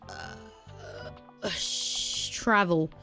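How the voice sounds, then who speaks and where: A woman casually chatting through a cozy video game, gushing excitedly over a pet dog. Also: lowish voice, extremely slow, creaky, soft background music. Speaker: gaming YouTuber. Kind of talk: casual let's-play commentary.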